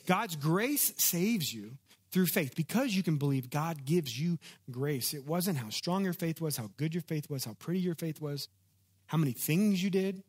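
A man's voice: on the high side, expressive, moderate pace, breathy edge. A man pastor giving a sermon in a conversational, storytelling way and calling on the congregation to answer back.

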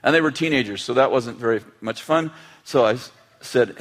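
A man's voice: on the low side, steady tone, normal speed, creaky, pauses often. A middle-aged man preaching a sermon, telling family stories and acting out their quotes with humor. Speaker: pastor.

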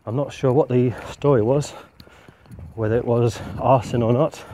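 A man's voice: medium pitch, fairly even intonation, dark tone, a little hiss or hum. Breathless man preaching while walking. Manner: earnest, reflective, measured. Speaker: street preacher. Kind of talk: walking sermon monologue. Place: outdoors on a street, walking.

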